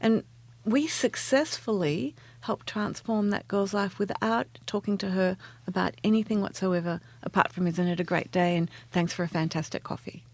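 Speaking at a normal speed in a mid-range voice, a woman guest who is a transformational coach recounts stories in a casual interview. She's earnest and warm and laughs a lot, and the recording is dry.

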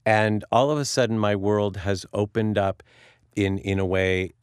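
A man's voice: fairly low pitch, fairly even intonation, unhurried, smooth, dry recording, studio quality. A man hosting a radio talk show, earnest and emotional, telling a personal story with frequent restarts, a native Sicilian speaker. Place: radio studio.

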